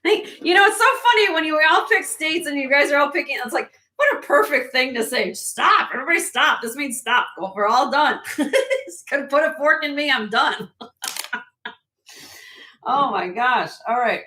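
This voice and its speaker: A woman hosting a live jewelry sale stream in casual chat, laughing often and a little hoarse from losing her voice. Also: high voice, expressive, moderate pace, pushed and bright. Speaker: host and jewelry seller.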